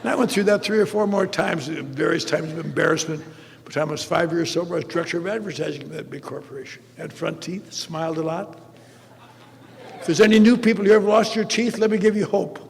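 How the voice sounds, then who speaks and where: A man's voice: fairly high pitch, fast talker, gravelly, a little hiss or hum. An older man giving a humorous storytelling talk as a recovery meeting speaker, with a wry manner and acting out the dialogue in his stories. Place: large convention hall. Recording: live talk with long hall reverb.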